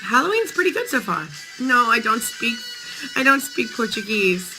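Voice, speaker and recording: A woman's voice: fairly high pitch, sing-song, moderate pace, over music, poor audio. A woman in her thirties hosting a casual morning live stream, chatting playfully with viewers while her voice sounds tired.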